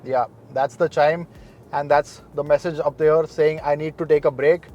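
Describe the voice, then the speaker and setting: A young man presenting a car review in a measured, matter-of-fact way. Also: fairly high pitch, fairly even intonation, a little mellow, lo-fi sound, a little hiss or hum.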